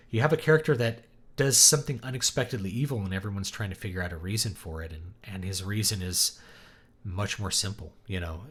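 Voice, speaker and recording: Hosting a relaxed livestream, a male author from East Texas, USA, enthusiastically fields viewer questions in loose, wandering asides. He speaks at a fairly low pitch with a slightly bright tone.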